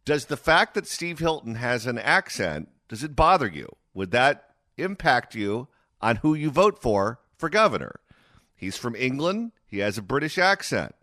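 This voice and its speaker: A man hosting a talk radio show, speaking in a sarcastic, animated way. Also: mid-range voice, unhurried, dry recording, clean studio sound.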